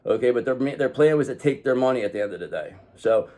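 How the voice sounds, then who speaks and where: A man's voice: mid-range voice, animated, fast, a little mellow. Rambling man giving a casual tarot reading. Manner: rambling, often says "okay"; swears freely. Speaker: tarot reader.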